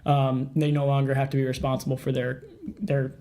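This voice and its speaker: A young man co-hosting a podcast, telling stories in a casual, animated way and laughing often. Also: mid-range voice, a little fast. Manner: animated storyteller, laughs often, acts out quotes. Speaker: podcast co-host. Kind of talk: casual chat.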